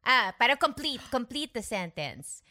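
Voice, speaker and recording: A woman chatting on a podcast, animated and laughing, switching languages mid-sentence. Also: a little high, moderate pace. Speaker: podcast co-host. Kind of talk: casual chat.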